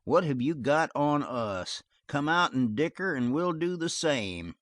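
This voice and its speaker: A man voicing a second outlaw who hurls slow, mocking insults. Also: a little high, very animated, a bit bright, no echo.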